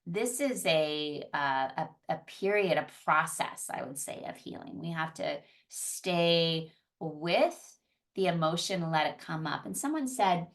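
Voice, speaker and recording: Female psychologist and yoga teacher, earnest conversational teacher, lowish voice, slightly distant mic. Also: lively intonation, measured pace. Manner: earnest, conversational, often restarts and repeats phrases. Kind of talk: teaching talk on emotional healing.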